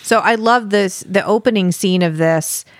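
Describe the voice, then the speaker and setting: A woman's voice: medium pitch, normal speed, no room sound, studio quality. A woman co-hosting a podcast, chatting casually about a book with many fillers, restarts and laughs. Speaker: podcast co-host.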